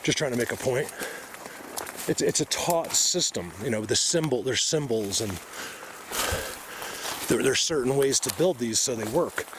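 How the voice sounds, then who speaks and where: A man's voice: mid-range voice, expressive, unhurried, pauses often, background noise. A man filming himself on a forest hillside, out of breath and insistent as he points things out to viewers. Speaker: vlogger. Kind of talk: outdoor field vlog.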